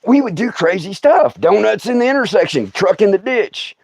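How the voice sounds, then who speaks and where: A middle-aged man with a drawl tells stories from his youth in an animated way. He laughs often and acts out the scenes. His voice sits a little high and swings widely in pitch. The sound is dry and close. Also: moderate pace, vocal fry, slightly rough, no room sound. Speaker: storyteller host. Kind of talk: comic storytelling livestream.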